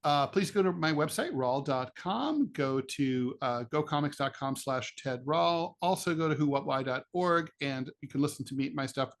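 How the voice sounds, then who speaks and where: A man's voice: a little high, moderate pace, few pauses. A middle-aged man co-hosting a political podcast, telling rambling stories with jokey asides in casual chat. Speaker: podcast co-host, political cartoonist.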